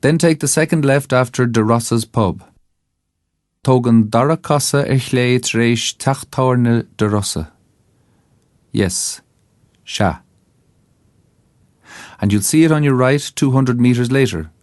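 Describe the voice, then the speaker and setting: A man with an Irish accent narrating a scripted language lesson, saying each phrase slowly and carefully so listeners can repeat it. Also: mid-range voice, no room sound. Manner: slow, careful enunciation for repetition. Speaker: language teacher.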